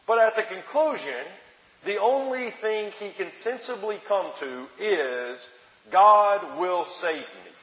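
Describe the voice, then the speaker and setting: Male preacher, high pitched, dramatic, muffled roomy church sound. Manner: dramatic scripture reading, rhetorical questions. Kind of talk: sermon. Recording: dull echoey hall recording.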